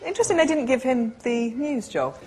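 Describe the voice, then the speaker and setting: A woman's voice: high voice, sing-song, a little fast, a little mellow, breathy edge. A woman guest on a comedy panel show, telling a story hesitantly while searching for words.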